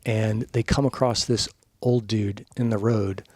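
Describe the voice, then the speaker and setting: A middle-aged man on a podcast as a guest, telling stories in a casual, animated way, swearing freely and acting out what people said. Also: fairly low pitch, unhurried, no echo. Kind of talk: casual storytelling chat.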